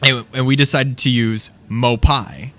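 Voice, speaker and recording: A young man with a bright, forward voice tells rambling, chuckling stories about his band. He is a guest in a casual interview recorded in a coffee shop, with his pitch sitting in a middle range. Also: fairly even intonation, measured pace. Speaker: musician guest.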